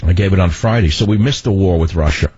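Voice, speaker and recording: An older man hosting political talk radio, ranting in a loud, commanding voice. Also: low-pitched, fast talker, dry recording. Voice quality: husky. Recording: dull lo-fi radio broadcast.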